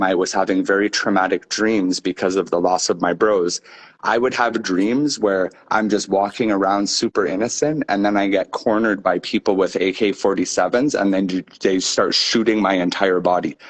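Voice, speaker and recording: A man in casual conversation, relaxed and easygoing, calling his friend bro and dude. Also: deep voice, low-quality recording. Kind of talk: casual chat.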